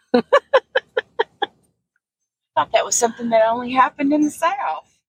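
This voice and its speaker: Woman podcast co-host, husky voice, dry laid-back remarks. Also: on the high side, animated, a little slow, fairly bright tone, no room sound, rough recording. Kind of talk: casual chat.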